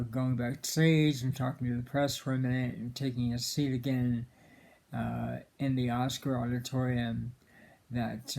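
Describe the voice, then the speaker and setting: A man giving a casual, earnest film commentary, halting often with fillers and restarts. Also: mid-range voice, creaky, a little mellow. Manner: earnest and emotional about the film.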